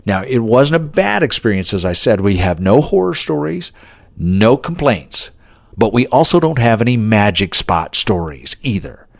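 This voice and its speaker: A man's voice: on the low side, sing-song, normal speed, creaky, no room sound, studio quality. A middle-aged man with a light Texas accent hosting a solo marketing podcast in a folksy, chatty way. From North Dakota. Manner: folksy, chatty, self-deprecating. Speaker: podcast host.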